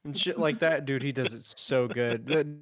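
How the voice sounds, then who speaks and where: A man co-hosting a casual podcast, talking in an animated, profane way and telling stories. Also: medium pitch, moderate pace. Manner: animated, profane, tells stories and quotes cartoon voices. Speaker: podcast co-host.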